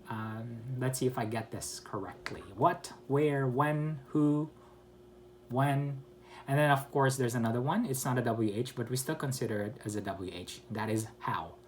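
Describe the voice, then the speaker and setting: In an online lesson on English pronunciation, the male teacher takes his time, with pauses and self-corrections along the way. Example questions get acted out with overdone pitch swings up and down, and a faint hiss or hum is audible.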